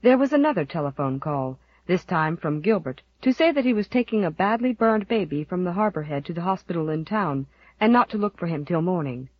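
Breathy woman reading a novel aloud. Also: fairly low pitch, animated, a little fast, no room sound. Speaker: audiobook narrator. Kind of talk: scripted narration. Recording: dull, dry, lo-fi recording.

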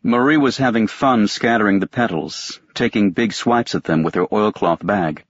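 A man reading a novel aloud as an audiobook narrator, in a measured, detached first-person telling. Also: fairly low pitch, husky, no echo, highs cut off. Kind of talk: scripted narration.

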